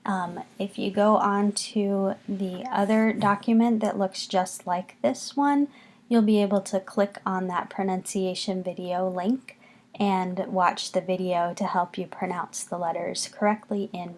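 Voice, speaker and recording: Patient teacher voice, woman, unhurried classroom delivery with lots of repetition. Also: mid-range voice, fairly even intonation, darkish tone. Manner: patient, slow, repeats words for students to copy. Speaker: French teacher. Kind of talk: recorded classroom lesson.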